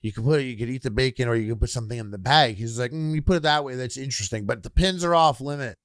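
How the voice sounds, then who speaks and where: A Canadian man telling a chaotic story on a podcast, his voice neither high nor low. He swears freely and slips into the voices of the people he quotes. The sound is close and dry, with no room echo. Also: racing. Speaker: podcast co-host. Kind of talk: casual storytelling chat.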